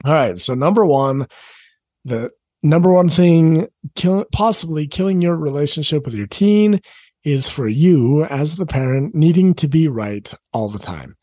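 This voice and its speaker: A man's voice: fairly high pitch, animated, a little slow, warm tone, no room sound. A middle-aged man coaching parents in an earnest, conversational talk, repeating his key phrases. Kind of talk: direct-to-camera advice talk.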